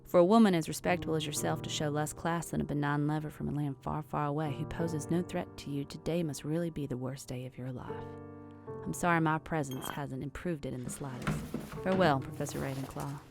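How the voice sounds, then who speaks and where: A woman voicing a gallant, charming medieval sea captain with a courtly, smooth-talking manner. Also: sits low, steady tone, a little fast. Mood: cold. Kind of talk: fan audio drama reading. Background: music.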